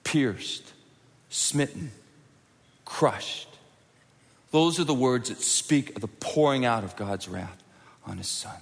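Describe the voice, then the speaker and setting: A man preaching a sermon, swinging between forceful, loud peaks and hushed, quiet passages. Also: mid-range voice, animated, slow pace, creaky, long pauses, breathy edge. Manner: dynamic, swings from loud intense peaks to hushed near-whispers. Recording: long hall reverb.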